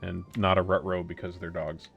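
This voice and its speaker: Man, game master, narrates casually with fillers; fairly low voice over faint music. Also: little pitch movement, moderate pace, creaky, dull audio. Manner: rambling, many ums and restarts.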